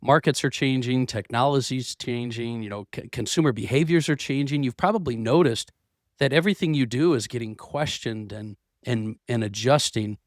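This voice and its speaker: A man's voice: mid-range voice, normal speed, no room sound, studio quality. A man hosting a motivational business podcast, talking earnestly and restarting his phrases, his voice a bit worn from losing it. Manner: earnest, repeats words while restarting. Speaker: podcast host. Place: office.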